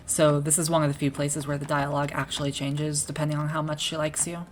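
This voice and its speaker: A woman's voice: deep voice, level tone, fast talker, a little hiss or hum. A woman game developer giving casual let's-play commentary, chatty and self-deprecating.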